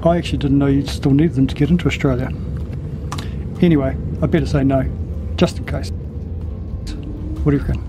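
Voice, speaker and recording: A man from New Zealand with a New Zealand accent, a sailing vlogger talking casually in a deadpan, musing way. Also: medium pitch, a little fast, long pauses. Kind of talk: casual talk. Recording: music behind.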